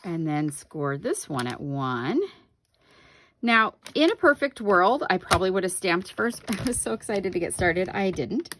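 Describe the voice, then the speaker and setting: Recorded by a camera on her craft table, a woman shows viewers how to make a paper craft, chatting and fixing her own mistakes as she works. Her voice is lowish and unhurried, with big swings in pitch. Background noise is audible.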